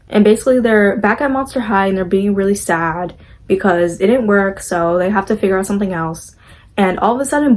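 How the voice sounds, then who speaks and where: A woman's voice: mid-range voice, a little mellow. Chatty young woman recapping a movie. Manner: chatty, full of "like" fillers, opinionated; acts out characters' lines with quick voices.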